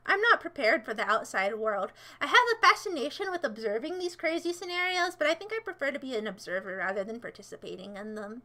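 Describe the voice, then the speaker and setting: Very high, bright American woman streamer. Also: very animated, fast talker, hardly any pauses. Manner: sarcastic, rambling, playfully scolding. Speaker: livestreamer. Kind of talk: casual livestream chat, answering chat.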